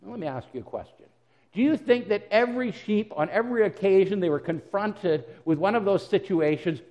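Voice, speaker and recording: A man's voice: on the high side, darkish tone, in a large hall. A man preaching a sermon in an earnest way, often repeating words as he goes and voicing the words of God and Jesus. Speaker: pastor.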